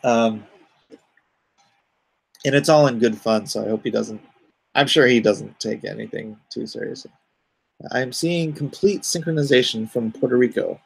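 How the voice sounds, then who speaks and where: A man's voice: mid-range voice, creaky, husky. A middle-aged man hosting a casual live stream as an artist, rambling and reading viewer comments aloud before answering them.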